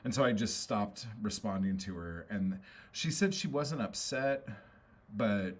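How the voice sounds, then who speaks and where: A man's voice: lowish voice, expressive, measured pace. A man venting on a casual livestream, frustrated and rambling, swearing often and filling gaps with "um" and "like". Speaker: poet and streamer.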